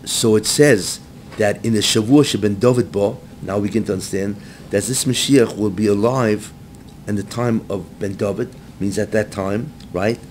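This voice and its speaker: A man, a rabbi, teaching a class to a live group. He mixes Hebrew phrases into his English, keeps checking in with "right?", and rises to near-shouting when he acts out the text. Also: moderate pace. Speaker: rabbi giving a Torah class. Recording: faint low rumble behind.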